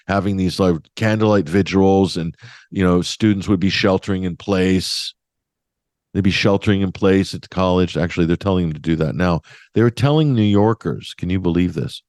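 A man's voice: low-pitched, a little mellow, dry recording, clean studio sound. A man hosting a radio talk show, giving opinionated commentary in a sardonic, emphatic way with mocking asides.

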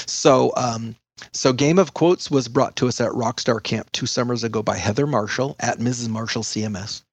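Middle-aged guy guesting on an education podcast, fast chatty and jokey, dead dry sound. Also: mid-range voice, husky, dry recording. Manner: energetic, chatty, jokey asides. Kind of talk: podcast interview.

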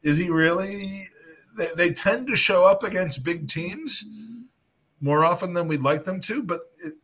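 Excitable, interrupting podcast man. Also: high-pitched, unhurried, slightly rough. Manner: excitable, interrupting, swearing freely. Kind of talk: casual chat.

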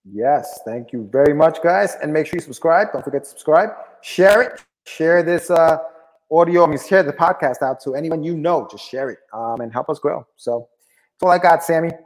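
A man's voice: a little high, normal speed, in a large hall, poor audio. A man co-hosting a podcast, bantering in a laid-back, friendly way. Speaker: podcast co-host. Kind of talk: casual chat.

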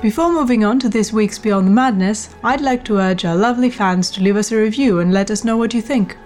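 A woman's voice: mid-range voice, fairly quick, a little mellow. A woman with a mid-range voice reads a scripted podcast outro in an upbeat way, thanking her listeners. Faint music plays under her. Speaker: podcast host.

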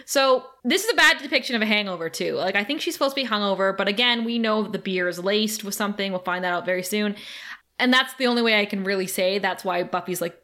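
Bright, lively woman recapping a show. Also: medium pitch, quick pace. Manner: animated retelling with laughs and acted quotes. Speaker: podcast co-host. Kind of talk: casual recap chat.

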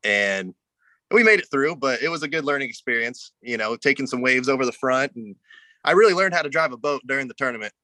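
Man, bright tense voice, dry close sound, laid-back storytelling, from Arizona. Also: medium pitch, lively intonation, fast, no room sound. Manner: laid-back, says "you know" a lot. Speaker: guest angler. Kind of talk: casual storytelling.

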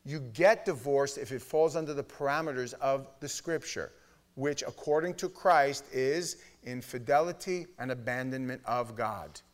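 A middle-aged man preaching a sermon in a Bible study, blunt and emphatic, with his voice swinging from loud to hushed. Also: medium pitch. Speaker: pastor teaching a Bible study.

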